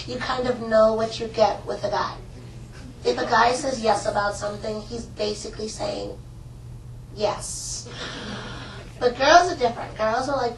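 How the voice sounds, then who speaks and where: Guy doing a teen girl, kinda high voice, like like like, sounds far off in a big room. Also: gravelly, slight background noise. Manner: fast filler-heavy teen talk, lots of "like". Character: chatty teenage girl, frustrated with peers. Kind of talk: one-man stage performance. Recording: roomy hall, from far off.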